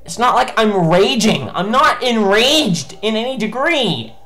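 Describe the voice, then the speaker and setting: A woman gamer rants through her let's play commentary, swearing hard and shouting in sudden bursts. Her pitch swings widely while she takes her words slowly, and faint game music plays underneath. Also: sing-song, poor audio. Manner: exasperated ranting, heavy swearing, bursts of shouting. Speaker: gameplay commentator.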